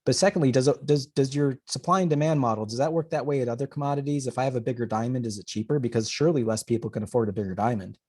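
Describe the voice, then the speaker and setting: A man, an urban planner, giving a webcast presentation and telling stories with a lively, animated delivery. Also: medium pitch, rapid-fire, few pauses, slightly rough. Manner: animated storyteller who acts out conversations. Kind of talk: presentation webcast, data-driven storytelling.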